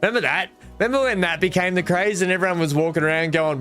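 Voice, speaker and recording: Over faint background music, a man with a high-sitting, somewhat bright voice talks fast while streaming a park-building game. He chats casually and rambles, making fun of himself and reasoning aloud with frequent fillers.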